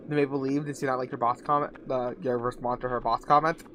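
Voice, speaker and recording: A man's voice: mid-range voice, flat delivery, fast, noisy background. A young man co-hosting a stream, joking and giggling in casual banter.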